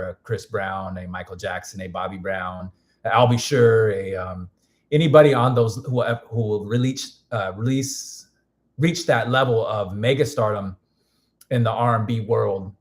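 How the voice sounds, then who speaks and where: A man with a hoarse voice chatting casually on a live stream. He rambles loosely, doubling back and restarting his sentences as he goes. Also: fairly low pitch, darkish tone. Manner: rambling, frequent restarts and fillers. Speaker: music producer streaming.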